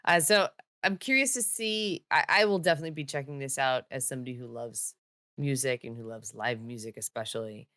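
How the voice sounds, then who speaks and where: A woman co-hosting a podcast in casual, upbeat chat with quick asides. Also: rumbling low, a bit bright, no room sound, clean studio sound. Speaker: podcast co-host.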